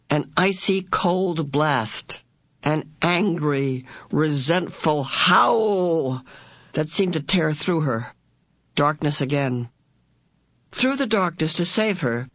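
Woman, storybook narrator, slow and measured, heartfelt, close dry recording. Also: fairly low pitch, dry recording. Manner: slow, deliberate, heartfelt delivery that rises into the characters' voices. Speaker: audiobook narrator. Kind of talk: expressive storybook reading.

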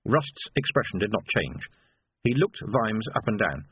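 Husky male narrator on a thin line. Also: on the low side, sing-song, dry recording. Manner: wry, measured storytelling. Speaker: audiobook narrator. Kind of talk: scripted narration. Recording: dry phone-like lo-fi sound.

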